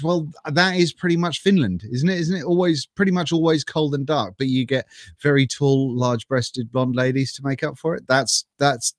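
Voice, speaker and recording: A man's voice: a little high, dry recording, clean studio sound. A middle-aged man hosting a casual live stream from home on a webcam, chatty and self-mocking, greeting viewers by name and laughing often.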